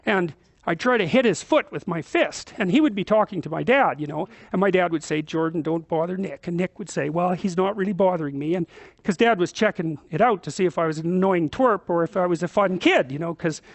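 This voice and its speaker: A middle-aged man lecturing as a psychologist, telling stories in an animated, emphatic way and swearing casually. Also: sits high, creaky, no room sound. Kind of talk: storytelling lecture.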